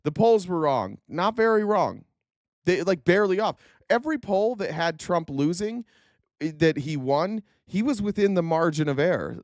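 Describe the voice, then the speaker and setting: A man with a fairly high-pitched voice offers blunt, sarcastic political commentary on a live stream, in clean studio sound without echo. He rambles, swears freely, laughs, and restarts his sentences often.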